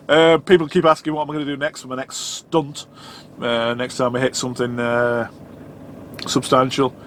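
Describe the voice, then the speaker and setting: A middle-aged trucker talks to camera from his cab, chatty and laughing at himself. His voice sits at an ordinary middle pitch. The engine and road roar clearly behind him. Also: fairly bright tone, a little hiss or hum. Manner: chatty, self-mocking, laughs often. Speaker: trucker vlogger. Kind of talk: casual chat while driving.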